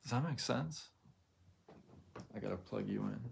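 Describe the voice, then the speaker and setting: A man hosting a motivational livestream, talking earnestly and haltingly, often repeating words and checking that viewers follow him. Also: mid-range voice, vocal fry, noisy background. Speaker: livestream host. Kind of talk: emotional motivational livestream talk.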